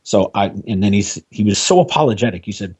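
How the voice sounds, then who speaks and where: A man's voice: lowish voice, lively intonation, quick pace, a little mellow, slightly rough, poor audio. A man, a podcast guest, telling long anecdotes about an old friend and quoting him at length. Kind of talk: storytelling interview guest.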